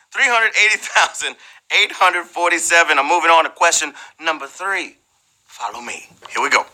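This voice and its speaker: A man hosting a live trivia game show in a playful, slangy, animated way, teasing the players. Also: fairly high pitch, rough recording.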